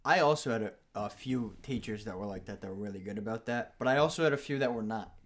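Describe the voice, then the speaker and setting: A man's voice: lowish voice, fast. A young man with a heavy New York accent, chatting talkatively as a podcast co-host. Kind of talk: casual chat.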